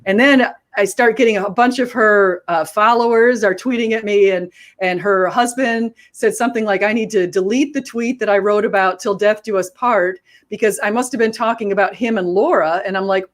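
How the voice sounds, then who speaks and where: A woman's voice: mid-range voice, moderate pace, few pauses. Chatty woman telling a story. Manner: animated storytelling, quoting others. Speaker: host. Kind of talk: casual chat.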